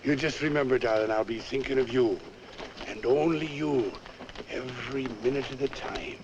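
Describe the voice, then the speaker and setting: A man's voice: medium pitch, moderate pace, lo-fi sound, noisy background, close to an everyday voice. An actor playing a charming, hard-drinking older cavalryman who coaxes and wheedles. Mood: tender. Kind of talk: old film acting.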